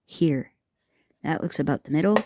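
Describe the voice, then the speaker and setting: A woman's voice: deep voice, normal speed, warm tone. A woman hosting a craft tutorial, chatting and rambling to her viewers as she works, teasing herself along the way. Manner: rambling, talks to viewers as "guys", self-teasing. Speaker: craft video host.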